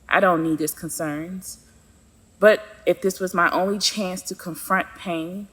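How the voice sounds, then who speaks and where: A woman's voice: lowish voice, bright, forceful tone, long reverb tail. A woman narrating her own story in the first person, with a sassy, sarcastic manner.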